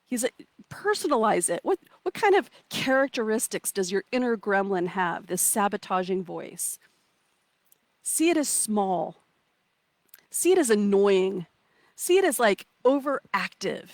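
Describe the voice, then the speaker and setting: A woman's voice: mid-range voice, big pitch swings, a little slow, dry recording. A woman coaching a live online session from outdoors, playful and encouraging, reading out comments and acting out inner voices. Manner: warm, playful, reads out chat comments.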